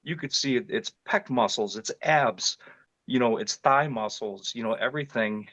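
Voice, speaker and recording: A man's voice: medium pitch, moderate pace, fairly bright tone, no echo, dull audio. A middle-aged man from northeast Ohio, an interview guest earnestly recounting a frightening encounter in vivid detail, often restarting his phrases. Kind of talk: personal storytelling in an interview.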